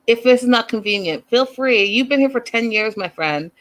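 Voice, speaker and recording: A woman's voice: medium pitch, animated, normal speed. A woman hosting a casual recap show, chatty and opinionated, firing off rhetorical questions. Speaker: host.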